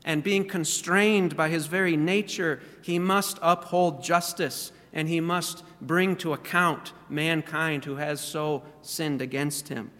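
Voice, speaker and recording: A man's voice: a little high, fairly even intonation, slow pace, few pauses, fairly bright tone, in a large hall. A man preaching a sermon in a church, earnest and full of rhetorical questions. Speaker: pastor.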